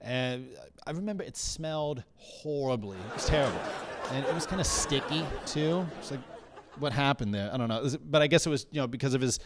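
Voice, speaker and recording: A man with a medium-pitched voice talks fairly quickly over a noisy background, performing stand-up in a small comedy bar. His stories are wry and rambling, and he frequently fixes his wording mid-sentence.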